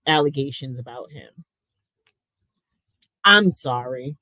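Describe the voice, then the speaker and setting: Blunt, profane woman on a slow livestream. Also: on the low side, dry recording, poor audio. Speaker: livestream commentary host. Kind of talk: casual livestream commentary, reading chat.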